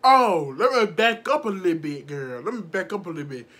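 A young woman telling a casual storytime vlog, animated and profane, laughing often and acting out the people in her story. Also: on the low side, brisk, husky. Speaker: vlogger.

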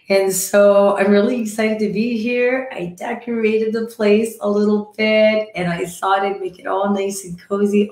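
A woman with a croaky, hoarse voice from croup, chatting casually with viewers on a live stream and greeting them by name. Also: medium pitch, echoey room. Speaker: livestream host. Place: decorated home room.

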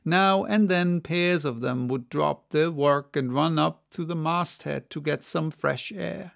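A man reads a classic sea novel aloud as an audiobook, taking it unhurried and expressive. His voice is fairly high with a gravelly, creaky texture. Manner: measured, expressive reading. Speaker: audiobook narrator. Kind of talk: unabridged audiobook reading.

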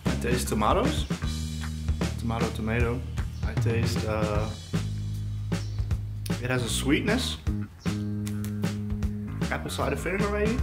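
A man's voice: mid-range voice, very animated, unhurried, pauses often. A young man tasting food in a casual vlog, reacting with enthusiasm. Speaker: video editor and taste tester. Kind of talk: casual chat. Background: loud music.

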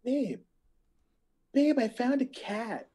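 A woman's voice: a little high, lively intonation, slow, dark tone, pitched above the performer's own voice. A woman playing a flighty, childlike young pop star, in an online improv comedy show. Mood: dreamy. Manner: dreamy, childlike.

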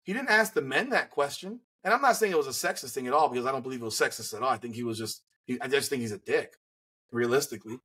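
A man's voice: medium pitch, expressive, fast, pushed and bright, breathy edge. A man hosting a casual sports podcast, giving blunt, heated opinions. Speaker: podcast host.

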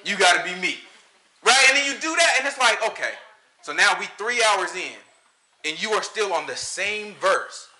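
A man giving a casual, animated sermon to a small group, slipping into impressions of other pastors. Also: sits high, normal speed. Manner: animated, talks to the room, mimics pastors. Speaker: preacher.

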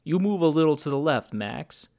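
A man's voice: a little high, animated, moderate pace, creaky, darkish tone, no room sound, clean studio sound. A man voicing a hired gunman who gives clipped, bossy orders. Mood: curt. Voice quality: clipped, commanding.

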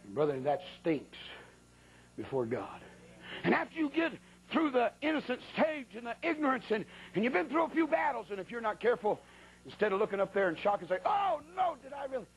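A man's voice: high-pitched, very animated, brisk, slight background noise, low-quality recording. A man preaching a sermon who tells a funny story about his own misfortunes in a folksy, colloquial way with sudden exclamations.

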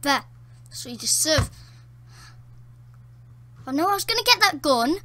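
A woman with a high, bright, sharp-edged voice commentates on her gameplay at home in a dark room, rambling casually. She talks a little slowly with long pauses, but excitement comes easily, bringing gasps, laughs and exclamations.

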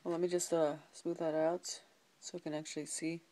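In a low, level, mellow voice, a woman briskly opens card packs for an unboxing video, naming each card in turn. She occasionally drops to a whisper, and there's a little hiss or hum in the recording.

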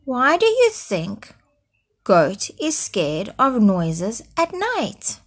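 A woman primary school teacher reading a storybook aloud to young children, then asking them questions about it. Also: fairly high pitch. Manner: slow, expressive read-aloud with quiz questions.

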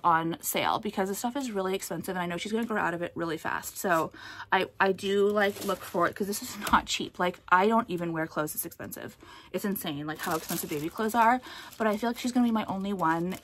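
A woman's voice: on the low side, fairly bright tone, slight background noise. Swearing American woman vlogger. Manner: swearing, rambling, lots of "like", quick to outrage. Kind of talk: casual haul vlog.

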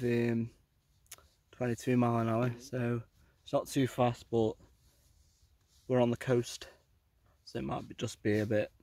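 A man talks casually to his camera on a blustery coastline. His voice stays level and flat, with few rises or falls. He rambles along, padding his sentences with fillers. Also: medium pitch, no echo. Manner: chatty, rambling, with many fillers. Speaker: outdoor vlogger. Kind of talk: casual vlog chat. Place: outdoors on a windy coast.

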